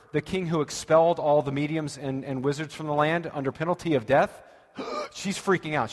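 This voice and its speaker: A male preacher giving a sermon, retelling a story with animated, dramatic quotes. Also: on the high side, big-room sound.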